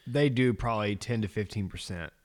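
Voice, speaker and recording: A man's voice: fairly low pitch, brisk. A man co-hosting a podcast, casually chatting and reacting with short, profane exclamations. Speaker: podcast co-host. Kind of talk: casual chat.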